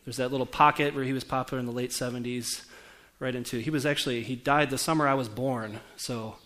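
A man's voice: medium pitch, fairly even intonation, quick pace, fairly bright tone. A man in his forties, a pastor preaching a conversational sermon and putting questions to the congregation. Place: church.

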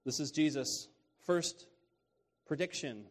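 A man's voice: on the high side, takes it slowly. A man preaching a sermon on scripture in a casual, conversational way, repeating key phrases and often asking "right?".

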